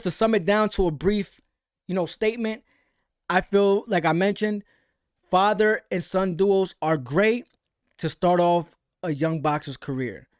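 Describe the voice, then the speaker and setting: Man, young adult, American, live-stream host, casual slangy talk, high voice, dry recording. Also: no echo. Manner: loose, slangy, repeats "you know what I'm saying". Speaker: livestream host. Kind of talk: casual live chat reading viewer comments.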